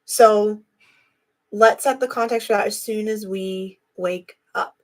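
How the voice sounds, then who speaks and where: A woman's voice: mid-range voice, fairly even intonation, slow. A young adult woman hosting a live video, talking casually and reflectively to her viewers. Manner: chatty, reflective, addresses viewers directly. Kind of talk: casual live-stream talk.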